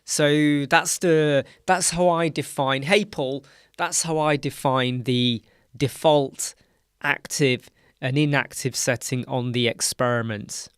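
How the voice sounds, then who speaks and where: British man, mid pitch, tired, rambling live-stream explainer, dry dead room. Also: fairly even intonation, slow, clean tone, no room sound. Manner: loose, rambling, self-correcting. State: tired, yawning. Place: dark home studio with soundproof panels.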